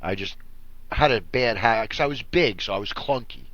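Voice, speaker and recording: A man's voice: on the low side, moderate pace, no room sound, highs cut off. A man co-hosting a podcast, chatting casually and acting out his family members as he tells stories. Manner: animated storyteller, acts out family members. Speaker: podcast co-host. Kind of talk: casual chat.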